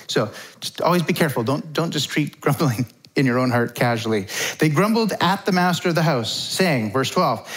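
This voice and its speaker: A man's voice: on the high side, lively intonation, normal speed, a bit bright. A middle-aged man preaching a conversational sermon as pastor, informal and chatty. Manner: informal, chatty, acts out quotes.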